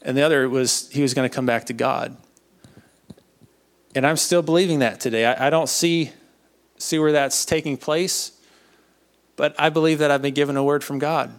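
Earnest young man with a gravelly voice. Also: on the high side, steady tone. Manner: earnest, halting, often repeats words. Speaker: speaker sharing a testimony. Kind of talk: personal faith testimony.

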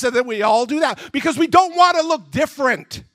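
A male pastor preaching with animated storytelling and acting out scenes as he goes. His voice is high and leaps widely in pitch. The sound is dry, with no room echo. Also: brisk. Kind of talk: sermon.

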